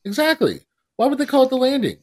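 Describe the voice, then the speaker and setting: A man's voice: extremely high pitch, very animated, quick pace, a little mellow, soft background music. A man co-hosting a podcast in casual chat, sardonic and complaining in a playful, exaggerated way. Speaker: podcast co-host.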